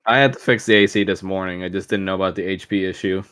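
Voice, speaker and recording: A man with a fairly low voice who runs the tabletop game and talks plainly and matter-of-factly about getting the setup fixed. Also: fairly even intonation, fast, a bit bright, smooth. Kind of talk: casual chat before a game session.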